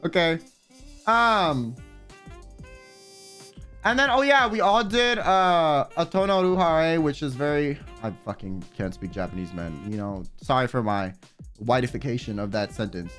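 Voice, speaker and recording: A young man chatting casually on a livestream, telling a story with lots of swearing and sudden high yelps. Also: animated, a little slow, a bit bright, faint music behind. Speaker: streamer. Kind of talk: casual stream chat.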